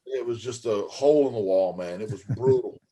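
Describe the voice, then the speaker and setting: A man's voice: on the low side, brisk, mellow, slight background noise. A middle-aged former pro wrestler, a guest on an interview podcast, telling long rambling stories in a folksy way and calling his host man and brother. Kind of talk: casual storytelling interview.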